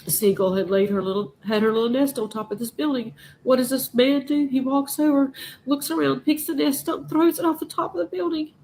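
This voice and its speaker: Woman ranting hard on her vlog, cussing, kinda high voice, little bit of background hum. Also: fairly even intonation, a little fast, a little mellow, poor audio. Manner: impassioned, profane ranting. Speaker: news vlogger. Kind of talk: emotional monologue to camera.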